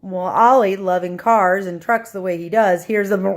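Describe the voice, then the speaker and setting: A woman telling a story to her camera at home, animated, acting out voices and sound effects. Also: medium pitch, moderate pace, few pauses.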